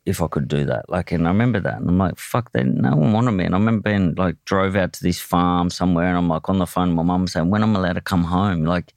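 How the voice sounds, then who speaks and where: Australian man, very low voice, blunt, emotional, swears a lot, dry recording. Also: fast talker, hardly any pauses, a little mellow, dry recording. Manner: blunt, swears often, emotional, restarts sentences. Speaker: podcast guest, boxer. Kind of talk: candid conversational storytelling.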